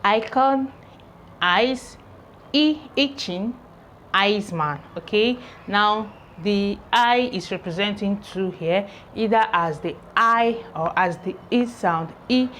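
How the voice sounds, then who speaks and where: A woman leads a pronunciation lesson, drilling each word again and again at an unhurried pace. Her voice sits at an ordinary pitch, and a faint hiss of background noise runs under it. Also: fairly bright tone. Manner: repeats each word several times, deliberate drilling. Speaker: English teacher. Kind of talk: pronunciation lesson, repeating words slowly.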